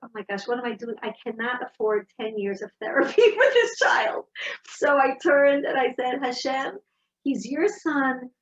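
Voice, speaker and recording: Storytelling woman, slightly husky. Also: on the high side, normal speed, highs cut off. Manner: storytelling, warm and animated. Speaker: speaker. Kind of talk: inspirational talk.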